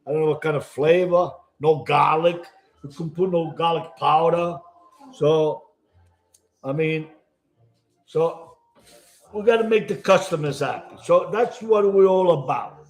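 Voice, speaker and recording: A man's voice: a little high, unhurried, reverberant, faint music behind. A man with an Italian accent, chatting casually and rambling in broken English while he cooks at home. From Italy. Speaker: home cooking show host. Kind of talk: casual cooking chat to camera.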